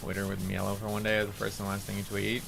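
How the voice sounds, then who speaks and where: A man chatting casually on a gaming livestream, profane and excitable, jumping into high-pitched outbursts. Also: quick pace, gravelly, noisy background. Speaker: VTuber streamer.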